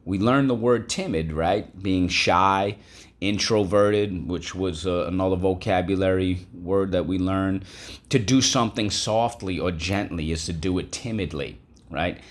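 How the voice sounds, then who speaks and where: Low-voiced man teaching a vocabulary lesson. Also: unhurried. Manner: patient, repeats and spells out words, asks class to echo. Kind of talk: classroom vocabulary and phonics lesson.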